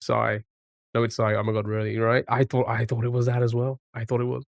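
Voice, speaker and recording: A man's voice: medium pitch, completely flat delivery, a little fast, creaky, no room sound, clean studio sound. A man live streaming a music guessing game, chatting casually and reacting to his chat as he plays.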